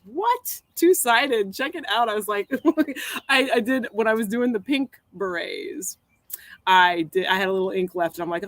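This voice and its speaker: A woman's voice: on the low side, no room sound, rough recording. Chatty, rambling woman poet. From Missouri. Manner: rambling, chatty, laughs often. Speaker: poet hosting a live stream. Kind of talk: casual live-stream chat with poetry reading.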